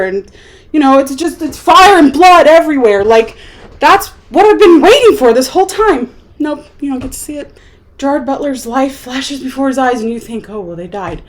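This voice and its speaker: Animated woman ranting about a movie. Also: high voice. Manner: animated, exasperated, acts out quotes. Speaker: movie reviewer. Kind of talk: casual movie rant.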